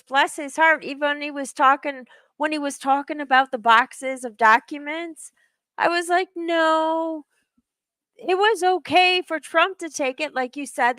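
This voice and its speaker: A woman co-hosting a political talk show, chatty and animated. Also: high-pitched, no room sound. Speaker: co-host.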